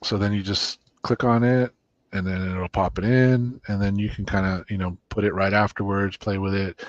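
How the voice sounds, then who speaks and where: Low-voiced man, casual software demo. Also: fairly even intonation, normal speed, dry recording, dull audio. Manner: rambling, restarts, lots of um. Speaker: co-host demoing software. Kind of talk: casual screen-share chat.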